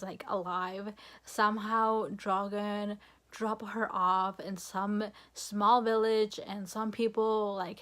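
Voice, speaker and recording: A young woman vlogging a casual, rambling rant, frustrated and full of fillers and swearing. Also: medium pitch.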